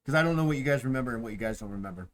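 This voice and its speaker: A man running a tabletop game as game master, relaxed and laughing as he narrates the tavern scene. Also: medium pitch, rapid-fire, low-quality recording.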